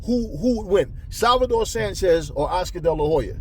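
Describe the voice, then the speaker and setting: Heated high-voiced man ranting profanely. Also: animated, normal speed, slight background noise. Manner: profane, heated and repetitive, stumbles over words. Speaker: boxing commentator. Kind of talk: ranting monologue to viewers.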